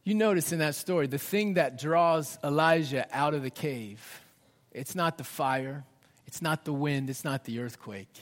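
A fairly high-pitched man in his thirties delivers a sermon, his voice ringing out with a long reverb in a large church space. He rises for emphasis, then sinks to soft, almost whispered phrases. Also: measured pace. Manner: dynamic, drops to hushed near-whispers for emphasis. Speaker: pastor.

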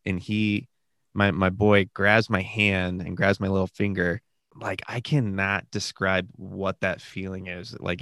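Young man, guest on a chat show, rambling and animated, lowish voice, dry close sound. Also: dry recording. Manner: animated, rambling with many fillers. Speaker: podcast guest, new father. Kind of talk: casual storytelling chat.

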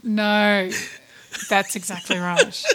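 A woman's voice: mid-range voice, level tone, slow, a bit bright, a little hiss or hum. A woman, co-hosting a podcast in casual chat, giggly and often searching for her words. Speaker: podcast co-host.

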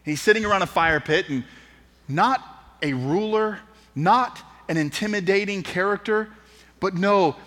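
Speaking a little slowly in a voice that sits high, a pastor delivers a sermon as lively storytelling, acting out each quote. The auditorium gives the recording a long reverb.

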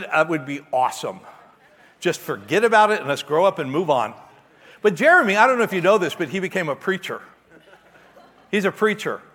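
A middle-aged man preaching a sermon, telling a story about himself in an animated, self-mocking way. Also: fairly high pitch. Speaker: pastor. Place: church hall. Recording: long hall reverb.

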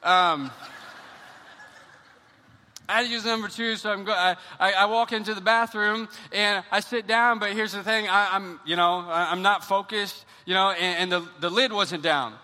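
Young pastor, high and very bright voice, lively storytelling sermon, long church reverb. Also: male voice, moderate pace. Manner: animated storytelling, repeats words when excited.

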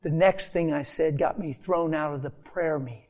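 A man's voice: a little high, moderate pace, a little mellow. A man preaching an impassioned sermon, repeating phrases for emphasis and dropping to a near whisper. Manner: emotional, with rhetorical repetition and sudden drops to a near whisper.

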